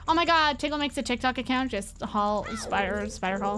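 Excitable, high-voiced woman streamer. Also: a little fast, few pauses, a little hiss or hum. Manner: excitable and goofy, swears freely, chats to viewers. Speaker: gaming streamer. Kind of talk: casual let's-play commentary.

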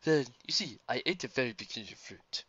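A woman voicing a polite, cheerful male skeleton gentleman in a fan audiobook reading, speaking with courteous formality. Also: extremely low pitch, expressive, brisk, breathy edge, no echo, highs cut off, exaggerated voice.

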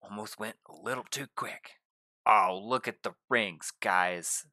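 A young man narrating his gameplay in a casual, excitable way, often gushing to his viewers. His voice sits a little low but carries a bright, forceful edge. It is recorded dry and close on a desk mic. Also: a little slow, no room sound. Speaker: gaming YouTuber.

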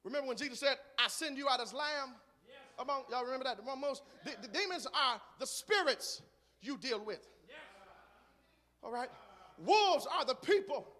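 High-voiced man preaching with rising fervor. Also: expressive, moderate pace, in a large hall. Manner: rhythmic preaching that builds from quiet talk to shouting. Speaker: guest preacher. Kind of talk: sermon. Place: large church sanctuary.

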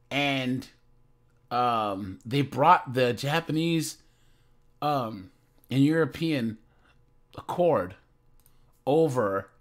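Slow, rambling man talking to his viewers. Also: mid-range voice. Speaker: reaction commentator. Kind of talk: casual rambling commentary.

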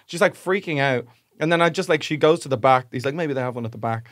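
A man's voice: medium pitch, quick pace, dry recording, clean studio sound. A young Irish man, a podcast co-host, telling a rambling anecdote with laughs and acted-out voices. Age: young adult. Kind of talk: casual chat, storytelling.

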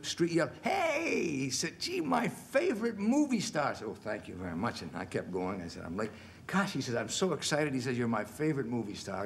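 Animated older man telling anecdotes. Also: medium pitch. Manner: animated storyteller, acts out quotes, chuckles. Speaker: film actor, interview guest. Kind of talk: relaxed anecdotal storytelling. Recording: faint background noise, 1970s television interview.

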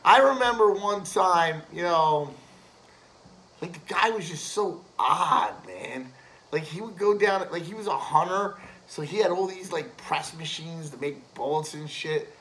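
A man's voice: fairly high pitch, a little slow, a bit bright, a little hiss or hum, poor audio. A man ranting in a rambling, profane way, swearing constantly, padding with fillers and laughing at his own jokes. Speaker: host ranting to camera.

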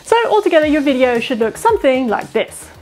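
A woman's voice: high-pitched, very animated, fairly quick, darkish tone. A woman, an ESL teacher giving upbeat, practical tips in an instructional video.

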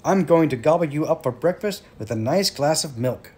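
A man's voice: on the high side, animated, moderate pace, darkish tone, breathy edge. A man voicing a big, ugly, hungry troll in a storybook reading, roaring and growling. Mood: greedy.

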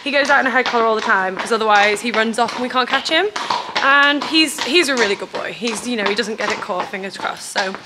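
A young woman, chatting casually and gently coaching a friend on horseback outdoors in a windy field. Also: on the high side, fast talker. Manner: encouraging, gently instructive. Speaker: horse owner and channel host. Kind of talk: casual chat while coaching a rider. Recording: wind noise outdoors.

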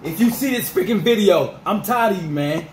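A man ranting as a sports fan vlogger, fired up and repetitive, his voice going rough. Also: high-pitched, expressive, moderate pace, reverberant, a little hiss or hum, low-quality recording. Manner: fired-up, repetitive, peppered with 'freaking' and 'dog'.

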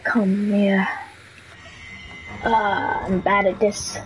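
A woman's voice: mid-range voice, level tone, extremely slow, a little hiss or hum, rough recording. A woman streaming a game live, chatting playfully and teasing other players as she plays. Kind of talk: live gameplay commentary. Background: game music.

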